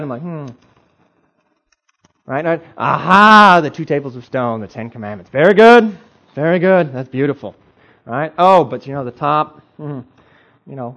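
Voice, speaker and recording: A man preaching to a congregation in a slightly high voice, playful and animated as he keeps asking the room questions. The recording is dull and lo-fi. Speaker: pastor. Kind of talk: interactive sermon. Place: church.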